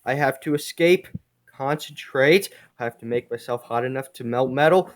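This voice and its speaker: A man's voice: medium pitch, normal speed, lightly acted. A wimpy young fire superhero, voiced by a man who yelps his lines in short bursts. He sounds eager but nervous, a comic-book hero who is not very brave.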